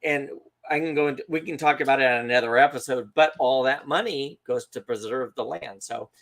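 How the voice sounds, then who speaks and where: A man co-hosting a podcast, telling a story in a casual, animated way and acting out the quotes. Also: mid-range voice, brisk, vocal fry. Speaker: podcast co-host.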